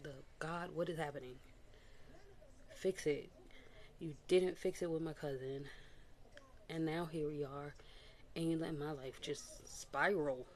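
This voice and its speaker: A woman's voice: deep voice, a little mellow. A woman vlogger telling a candid personal testimony, emotional and confiding, circling back over the same phrases.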